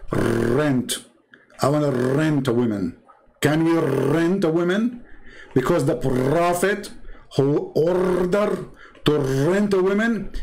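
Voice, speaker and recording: A man's voice: mid-range voice, darkish tone, rough recording. A man giving sarcastic online commentary in a mocking tone, laughing now and then at his own jokes.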